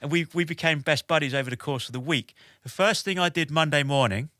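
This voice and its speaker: A man in his forties, a podcast guest telling a lively anecdote in an animated way, with lots of "like" and "basically". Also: on the high side, quick pace, no echo, studio quality. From United Kingdom. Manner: animated, with many "like" and "basically" fillers. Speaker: podcast guest, military veteran.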